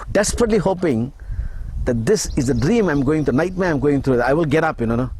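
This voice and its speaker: A middle-aged man with a husky, slightly rough voice at an ordinary pitch. He speaks in as an interview guest. He tells his own story in an emotional, halting way, stopping and restarting and acting out what he thought. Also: darkish tone. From Malaysia. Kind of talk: personal testimony in an interview.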